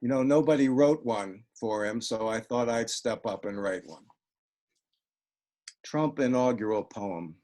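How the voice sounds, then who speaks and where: A man reading his own poems aloud over a video call, with a dry, wry deadpan delivery. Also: medium pitch, measured pace. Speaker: poet reading his work.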